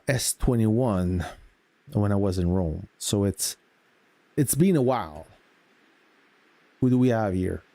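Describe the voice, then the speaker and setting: A man hosting a game live stream, greeting chat viewers and explaining game mechanics in relaxed casual talk. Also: medium pitch, no echo.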